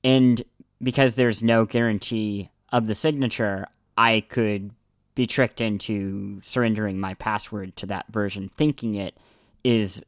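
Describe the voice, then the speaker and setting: Wry podcast host, dry close mic. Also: male voice, fairly low pitch, fairly even intonation, unhurried, dry recording. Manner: wry, asks clarifying questions. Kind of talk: casual conversational podcast.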